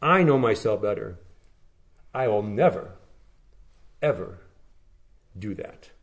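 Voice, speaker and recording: A man's voice: lowish voice, animated, slow, pitched below the performer's own voice. A man acting out a proud, stubborn male disciple who insists he will never fail, in raised, defiant protests. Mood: boastful.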